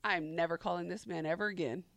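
A woman in casual podcast chat, telling animated stories, acting out quotes and laughing often. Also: on the low side, quick pace, vocal fry, dry recording.

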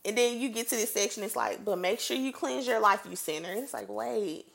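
A woman giving a casual Bible teaching. She reads scripture aloud and comments on it in a lively, conversational way. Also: on the high side, fast talker, gravelly. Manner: animated and conversational, reads scripture then reacts playfully.

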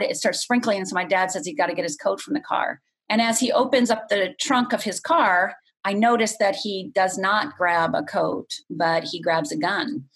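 A middle-aged woman from Upper Michigan, telling a painful personal story as a podcast guest in a candid, unhurried way. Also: medium pitch, a bit bright. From Upper Michigan, USA.

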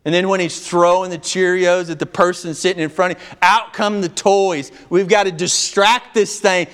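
A male pastor preaching a sermon, swinging between loud, raised passages and hushed, low ones. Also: clean tone.

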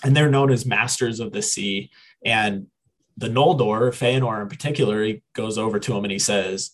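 Low husky guy on a podcast, rambling thru a story, fixing his own words as he goes. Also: moderate pace, poor audio. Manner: rambling, self-correcting, quotes characters in paraphrase. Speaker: podcast co-host. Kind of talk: casual retelling of a story.

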